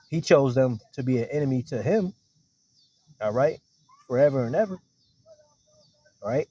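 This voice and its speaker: Husky-voiced man preaching casually. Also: mid-range voice, dark tone, no room sound. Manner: conversational, keeps checking in with listeners, reads verses slower. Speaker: street preacher teaching scripture. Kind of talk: casual sermon with scripture reading. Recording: dull lo-fi recording.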